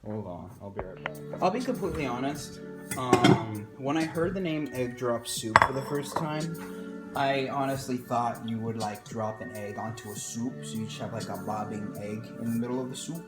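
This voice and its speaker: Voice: medium pitch, moderate pace. Rambling, self-mocking home cook vlogging. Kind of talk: casual cooking vlog chatter. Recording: echoey room with faint music.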